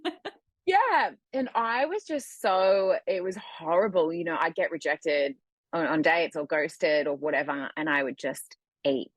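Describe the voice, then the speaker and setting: A woman with a low, husky voice talks candidly in a relaxed podcast chat. Her delivery is dry and close, with no room sound around her. She often slips into lively quoted voices to make her point. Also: measured pace, no echo. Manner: candid, animated when acting out quotes. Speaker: guest, food coach. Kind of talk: casual conversation.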